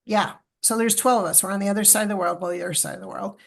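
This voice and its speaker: A middle-aged woman from Canada, a podcast guest telling a story in a lively, emotional way and acting out the dialogue. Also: medium pitch, rapid-fire, gravelly. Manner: animated, acts out quoted dialogue, emotional retelling. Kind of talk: storytelling in a casual interview.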